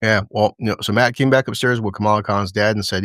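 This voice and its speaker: A man's voice: on the low side, fast talker, no room sound, clean studio sound. A man hosting a casual chat about a TV episode, retelling scenes and quoting lines with laughs. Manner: animated retelling with quoted voices and laughs. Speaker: podcast host. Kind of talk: casual show recap chat.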